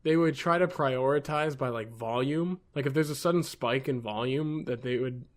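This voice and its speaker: A man's voice: medium pitch, moderate pace. A young man hosting a podcast in casual chat, talking in loose, rambling sentences and swearing often. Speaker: podcast host.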